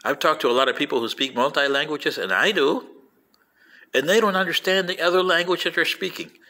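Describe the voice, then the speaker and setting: A man, a Spanish speaker by birth, tells stories to an audience and keeps turning to them with direct asides. His voice is bright and edged, and it leaps upward whenever he stresses a point. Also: brisk. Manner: animated, pitch jumping on emphasis; addresses listeners directly with asides. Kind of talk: storytelling talk.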